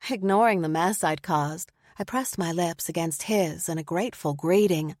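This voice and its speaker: A woman reading a first-person story aloud, expressive and lively. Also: fairly low pitch, normal speed, dry recording, studio quality. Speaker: audiobook narrator. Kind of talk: scripted first-person narration.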